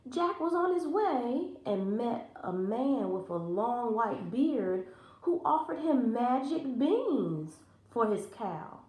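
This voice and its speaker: A woman teacher reading a children's storybook aloud in an expressive, animated way, recorded in an echoey room. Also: on the high side, slow pace. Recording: roomy echo.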